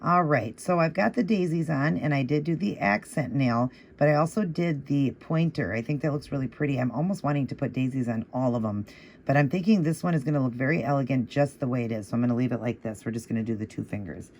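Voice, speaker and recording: A man hosting a nail art tutorial, explaining each step in a patient, encouraging way and repeating the moves in a steady rhythm. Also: medium pitch, quick pace, a little hiss or hum. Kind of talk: casual step-by-step tutorial narration.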